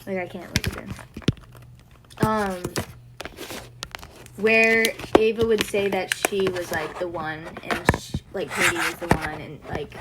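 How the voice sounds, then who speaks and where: A woman's voice: fairly low pitch, level tone, unhurried, long pauses, very noisy. Young woman, livestream host; casual, flustered delivery full of filler words. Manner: flustered, loses her train of thought; heavy use of "like" fillers.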